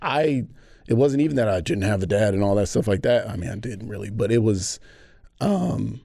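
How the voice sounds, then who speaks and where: A man from Atlanta, a podcast guest telling a story with animated energy and acted-out quotes. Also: lowish voice, normal speed, vocal fry, no room sound, studio quality. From Atlanta, USA. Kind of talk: casual conversation.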